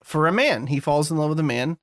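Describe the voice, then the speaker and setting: A man's voice: on the high side, animated, a little fast, dry recording, clean studio sound. A man co-hosting a podcast, chatting casually and rambling, swearing now and then. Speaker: podcast co-host. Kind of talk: casual chat.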